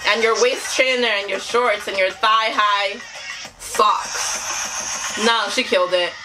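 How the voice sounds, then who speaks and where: A woman hosting a reaction video, excitable and slangy, laughing often as she comments on a music video. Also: mid-range voice, slow, poor audio. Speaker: YouTube reaction host.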